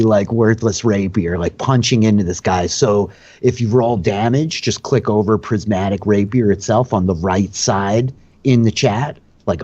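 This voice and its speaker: Casting note: young male dungeon master, husky and fairly low voice, laid-back rule explanations, dull lo-fi call audio. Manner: relaxed, filler-heavy explaining of rules. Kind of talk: narrating a tabletop game.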